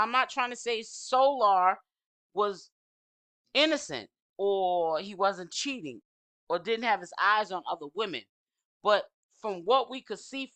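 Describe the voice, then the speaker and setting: A woman hosting a commentary channel, explaining what happened in a deliberate way. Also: mid-range voice, bright, forceful tone, clear, resonant tone.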